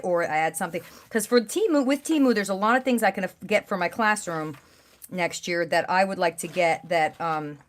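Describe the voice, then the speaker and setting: A woman hosting a craft livestream, chatting casually and gushing over pieces with bursts of excited exclamations. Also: mid-range voice. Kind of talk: casual chat while showing craft pieces.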